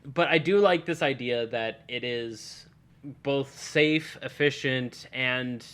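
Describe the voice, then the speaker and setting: A man's voice: mid-range voice, slow pace, fairly bright tone, smooth. A man co-hosting a casual podcast chat, loose and profane, trailing off and laughing. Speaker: podcast co-host.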